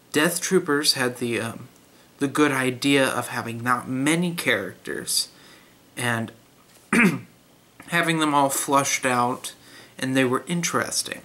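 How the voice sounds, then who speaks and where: Young guy ranting casually about a book he didn't like, bright sharp voice, lots of ums. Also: mid-range voice. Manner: blunt, critical, with frequent fillers and restarts. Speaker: book reviewer. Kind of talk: casual spoken review.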